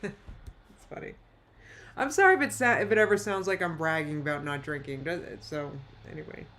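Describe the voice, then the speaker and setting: A woman's voice: low-pitched, fairly bright tone. Woman streamer, casual reaction commentary, chatty and rambling. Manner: chatty, rambling, quick asides with laughs. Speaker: live-stream reaction host.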